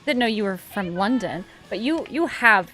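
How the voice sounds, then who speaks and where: A woman streamer chatting casually and reacting out loud with wry asides during a watch-along. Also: medium pitch, animated, moderate pace, faint music behind. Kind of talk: casual live reaction chat.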